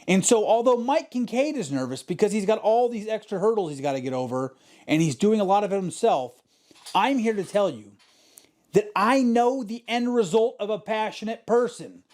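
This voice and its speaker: A man's voice: high-pitched, animated, normal speed, a little mellow. A man hosting his own podcast, giving an emphatic, profane motivational talk that keeps repeating its points. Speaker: podcast host. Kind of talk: motivational monologue.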